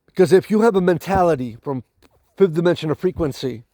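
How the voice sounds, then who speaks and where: Dramatic preachy man with a high voice. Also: brisk, warm tone, dry recording, clean studio sound. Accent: non-native accent. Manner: dramatic, preachy, repeats "my galactic family"; emphatic, with restarts and repetition. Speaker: spiritual channel host. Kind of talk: spiritual monologue to camera.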